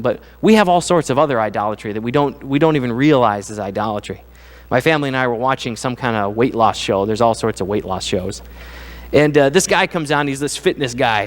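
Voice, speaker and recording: A middle-aged man giving a sermon as pastor, talking conversationally and acting out voices. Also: mid-range voice. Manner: conversational, animated, acts out quoted voices. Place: church sanctuary. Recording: church sanctuary with long reverb.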